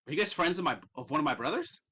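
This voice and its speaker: Male GM voicing a relaxed, foul-mouthed pirate man in a tabletop game, bright timbre. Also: a little high, very fast, husky, heavily acted. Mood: easygoing. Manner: laid-back, swearing. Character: easygoing young male pirate prisoner, big family.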